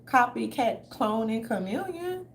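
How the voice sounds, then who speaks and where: A woman's voice: fairly high pitch, big pitch swings, unhurried, creaky, slight background noise. A woman from the southern United States doing casual livestream commentary, loose, chatty, blunt and profane as she talks straight to her viewers.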